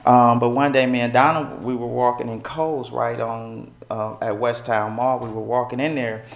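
A middle-aged man from Milwaukee telling a personal story to an audience, animated and acting out the voices of people in it. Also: normal speed. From Milwaukee, United States. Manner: animated, acts out quoted voices with big pitch jumps. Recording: echoey room.

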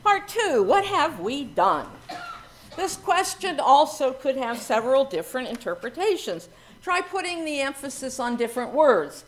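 A woman minister delivers a sermon in a somewhat high voice. Her pitch swings widely as she leans on different words, and her delivery is reflective and expressive. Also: moderate pace, slight background noise.

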